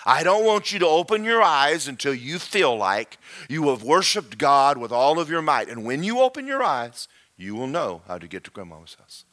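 A man voicing a huge wise male lion who gives slow, low commands. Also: very animated, fairly bright tone. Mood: commanding.

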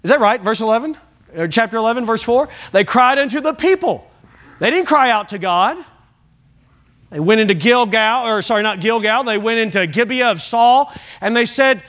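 Male pastor, high bright tone, emphatic sermon delivery, engages the congregation directly. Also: animated, moderate pace, long pauses. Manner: emphatic preaching with repetition. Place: church sanctuary.

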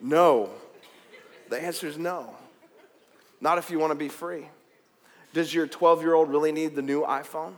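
Man, pastor, high voice, lively jokey sermon delivery, big echoing church hall. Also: unhurried, pauses often. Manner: animated, jokey, calls out to the crowd. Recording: long hall reverb.

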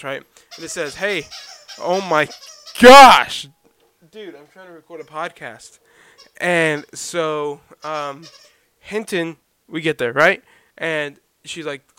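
A young man from Oklahoma hosting his own podcast at home, telling a rambling, animated story in casual chat and breaking off to scold his dog. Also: on the high side, smooth. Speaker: podcast host.

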